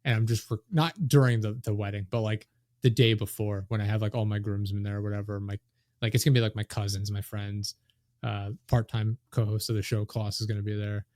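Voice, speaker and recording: A man's voice: on the low side, fairly even intonation, a little fast, a little mellow, no echo, clean studio sound. A young adult man hosting a podcast, chatting loosely and jokingly with lots of fillers. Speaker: podcast host. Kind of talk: casual podcast chat.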